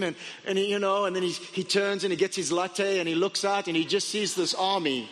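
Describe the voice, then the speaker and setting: A man's voice: high-pitched, steady tone, a little fast, few pauses, a bit bright, in a large hall. A man preaching a sermon, retelling a story with dramatic asides and stammered restarts. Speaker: pastor.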